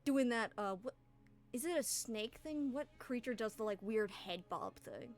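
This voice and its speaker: A woman's voice: on the high side, lively intonation, unhurried. Casual rambling woman game master. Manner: casual, rambling, with fillers and laughs. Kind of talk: narrating a tabletop game.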